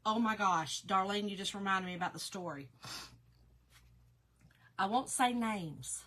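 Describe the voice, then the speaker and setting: A woman's voice: medium pitch, measured pace, a bit bright. A woman with a slightly nasal voice, chatting casually on a craft livestream and greeting viewers. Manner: chatty, emotional, reads viewer comments aloud.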